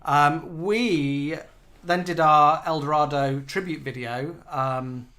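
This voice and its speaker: A chatty man in his forties with a slightly higher voice for his sex, co-hosting a relaxed live show. He tells self-mocking stories and reads out viewers' comments as he goes. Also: slow pace. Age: 40s. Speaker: co-host of a live online show. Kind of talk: casual chat reading out viewer comments.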